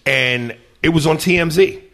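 A man's voice: a little high, moderate pace, fairly bright tone. A male guest in casual chat, telling profane stories and acting out quotes with animation.

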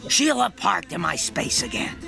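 Brief: a grumpy, gravelly cartoon clerk; very raspy fry, music bed. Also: female voice, medium pitch, big pitch swings, normal speed, pushed and bright, heavily acted. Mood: griping. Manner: gossipy, griping. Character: gravelly middle-aged woman office clerk, grumpy. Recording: cartoon clip with music behind.

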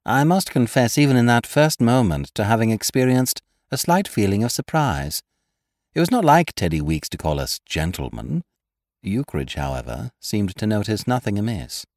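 A man reading a comic story aloud in a measured, wry storytelling manner. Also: fairly low pitch, sing-song, a little mellow, dry recording, clean studio sound. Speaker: reader. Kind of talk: scripted narration.

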